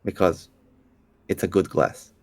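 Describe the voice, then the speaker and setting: Stammering low-voiced game player. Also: male voice, fairly even intonation, measured pace, darkish tone. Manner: hesitant, stammering. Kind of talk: playing a tabletop game.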